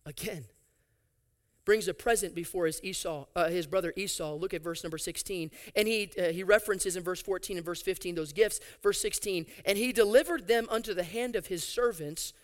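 High-voiced preaching man. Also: a little fast. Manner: animated preaching, sarcastic asides, reads scripture aloud. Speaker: pastor. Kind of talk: sermon.

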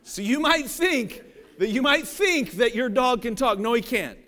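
A man's voice: extremely high pitch, lively intonation, a little slow, sharp tone. A man from Cincinnati, Ohio, preaching a sermon in a conversational, joking way and often checking that the audience follows along. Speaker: pastor.

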